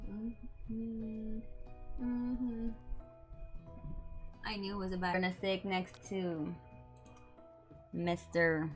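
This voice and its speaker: A woman's voice: mid-range voice, fairly even intonation, takes it slowly, long pauses, soft background music. A woman streamer reading a dating game aloud, breaking off into giggly, chatty asides.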